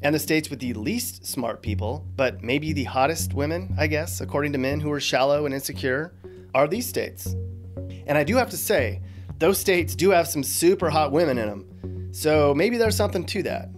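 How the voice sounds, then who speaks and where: A man's voice: on the high side, lively intonation, normal speed, soft background music. A man hosting a YouTube video, narrating from a script with playful, teasing asides. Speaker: YouTube host.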